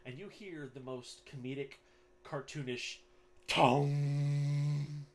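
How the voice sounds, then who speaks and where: A man's voice: mid-range voice, normal speed. A man narrating as game master in a casual way, with fillers and the odd swear word.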